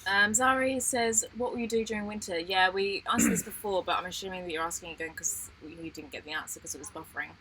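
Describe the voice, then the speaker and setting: A woman's voice: mid-range voice, fast, hardly any pauses, background noise. An Australian woman in her thirties co-hosting a casual live-stream chat about sailing life, explaining things patiently and laughing often. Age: 30s. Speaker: sailing channel co-host.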